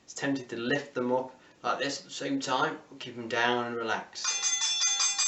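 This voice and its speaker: A man's voice: medium pitch, level tone, measured pace, far from the mic, noisy background. Encouraging male fitness instructor, echoey room. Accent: English. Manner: encouraging, counting down reps. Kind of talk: home workout class instruction.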